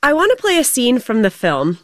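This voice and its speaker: Lively-voiced woman radio host. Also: on the high side, a little fast, no echo. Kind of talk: radio interview and show sign-off. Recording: dry studio radio recording.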